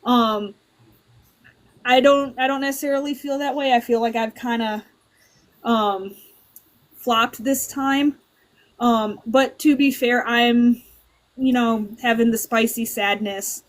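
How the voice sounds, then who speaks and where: A woman author in a casual interview, with a high voice. She rambles with plenty of fillers and puts herself down. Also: fairly even intonation, slow pace, long pauses. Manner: self-deprecating, rambling with many fillers. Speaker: author guest.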